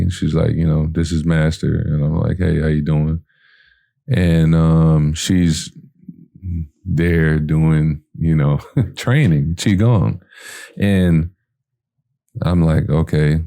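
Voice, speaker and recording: Extremely low and gravelly, this man's voice carries a laid-back personal tale. He animatedly plays out the lines of each person in it, including his own, and uses lots of fillers.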